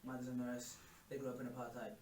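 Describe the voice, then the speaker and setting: Fast-talking reflective man, echoey room. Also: medium pitch, monotone, darkish tone. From South Africa. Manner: talkative, reflective, frequent fillers. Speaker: podcast guest. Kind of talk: casual conversation. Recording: echoey room, distant mic, faint music.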